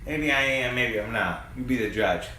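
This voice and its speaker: A man's voice: mid-range voice, moderate pace, pushed and bright, roomy sound, a little hiss or hum. A man delivering an angry, profane, preachy monologue, recorded on a phone among parked cars. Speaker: vlogger. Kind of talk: ranting monologue.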